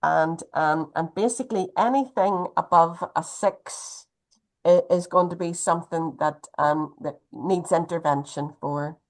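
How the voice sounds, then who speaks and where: A woman giving a gentle, chatty health talk over a video call. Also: lowish voice, unhurried. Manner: gentle, chatty, uses wee often.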